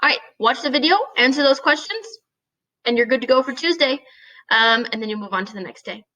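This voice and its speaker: A woman's voice: on the high side, animated, fairly quick, sharp tone, low-quality recording. A young woman teacher recording a lesson for her students, explaining plainly and checking in with "right?" and "okay?" as she goes.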